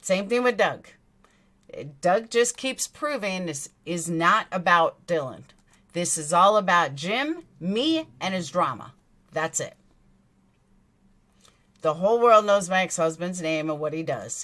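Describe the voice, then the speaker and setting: A woman with a New York accent hosts a true crime livestream, answering chat messages in a blunt, indignant way. Her pitch sits fairly low but swings widely. Her tone is bright and sharp. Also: animated, unhurried. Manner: indignant, blunt, swears freely. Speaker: true crime commentary host. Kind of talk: livestream commentary, reading chat.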